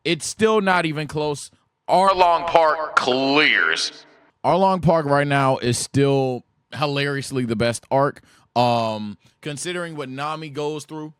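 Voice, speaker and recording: A young man giving loose, animated commentary on an anime, full of slang and repeated words when he gets excited. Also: mid-range voice, smooth, dry recording. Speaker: anime reaction streamer.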